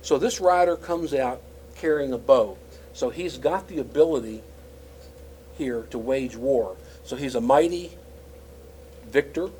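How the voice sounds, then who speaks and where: A man's voice: mid-range voice, a little mellow, a little hiss or hum, low-quality recording. A man teaching scripture in a conversational, explanatory way, with frequent fillers and restarts. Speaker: Bible teacher.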